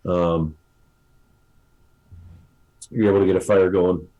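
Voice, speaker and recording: A man running a tabletop role-playing game as dungeon master, narrating in a relaxed, halting way with many fillers. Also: deep voice, poor audio.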